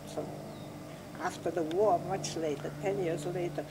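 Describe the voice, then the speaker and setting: An older woman telling her life story in an interview, reflective and unhurried, often laughing softly as she talks. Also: lowish voice, fairly even intonation, background noise. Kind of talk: oral history recollection.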